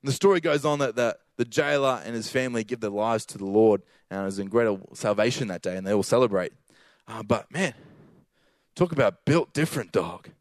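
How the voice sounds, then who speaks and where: A man's voice: fairly low pitch, fast, no echo. A man giving a casual sermon with slang, building to emphatic repeated lines.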